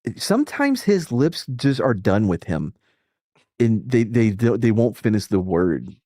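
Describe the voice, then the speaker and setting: A man's voice: fairly low pitch, sing-song, unhurried, dark tone, dry recording, clean studio sound. A man hosting a casual reaction chat, rambling and profane, laughing often and restarting his sentences. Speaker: streamer host.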